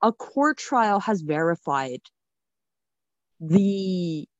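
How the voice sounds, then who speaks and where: A woman co-hosting a casual chat, frank and animated, with many "like" fillers. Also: lowish voice, very slow, no room sound, muffled recording. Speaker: podcast co-host.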